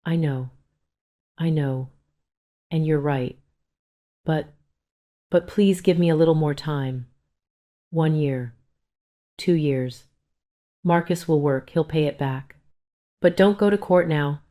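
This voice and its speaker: A woman's voice: low voice, slow, long pauses, warm tone. A woman reading the lines of a grown daughter pleading tearfully with her mother. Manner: pleading, emotional.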